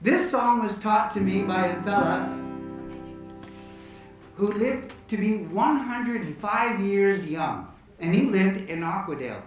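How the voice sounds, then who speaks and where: A man entertaining an audience, telling jokes and stories in a lively, animated way. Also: high-pitched, slow pace. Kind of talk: joke telling and storytelling to an audience. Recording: echoey hall, distant mic, faint guitar.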